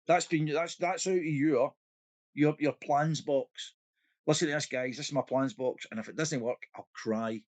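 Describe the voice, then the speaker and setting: A man's voice: a little high, fairly even intonation, normal speed, no room sound. A Scottish man co-hosting a podcast in casual chat, acting out quotes and laughing often. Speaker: podcast co-host.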